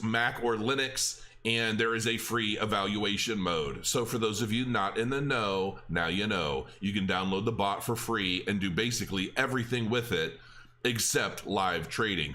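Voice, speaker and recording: A middle-aged man talks casually to his viewers about crypto, rambling and restarting his sentences. His voice sits on the low side but has a bright, forceful edge. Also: a little hiss or hum. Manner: rambling, chatty, with restarts and filler words. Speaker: crypto channel host. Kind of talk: casual chat to camera.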